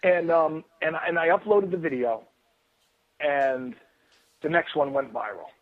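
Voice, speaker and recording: A man telling a long story as a radio guest over the phone, excitable and rambling, with many restarts and fillers. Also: a little high, a little slow. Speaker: guest author. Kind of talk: casual storytelling on a call-in radio show. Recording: tinny phone line.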